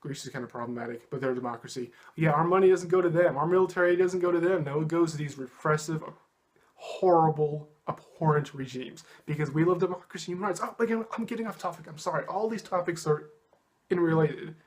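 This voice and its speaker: Heated sarcastic man ranting, slightly high voice. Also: fast talker. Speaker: political commentary vlogger. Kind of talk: ranting monologue.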